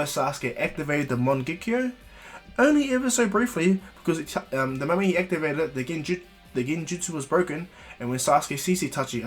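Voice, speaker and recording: A man's voice: a little high, breathy edge. A man casually telling an improvised fan story, rambling, restarting often and adding asides.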